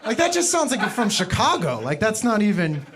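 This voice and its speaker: Young comic from the Boston area, deadpan-ironic, lively pitch. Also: male voice, brisk, slight background noise. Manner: dry, ironic delivery with mocking high voices for quoted people. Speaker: stand-up comedian. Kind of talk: stand-up routine.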